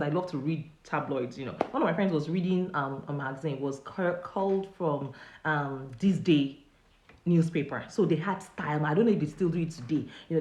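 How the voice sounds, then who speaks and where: A Nigerian woman hosting a casual live chat and telling a personal story with animated swings in pitch. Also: echoey room, a little hiss or hum. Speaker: host.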